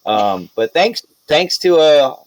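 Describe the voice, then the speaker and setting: A man's voice: on the high side, sing-song, takes it slowly, poor audio. A man running a tabletop game as game master, chatting and recapping with laughs and loose asides.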